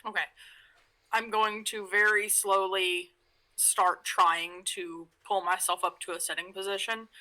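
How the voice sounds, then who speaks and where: A woman taking part in a tabletop game, speaking slowly in a bright, clear voice. She stops to ask careful questions about the rules. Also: medium pitch, little pitch movement, poor audio. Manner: asks careful clarifying questions. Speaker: player.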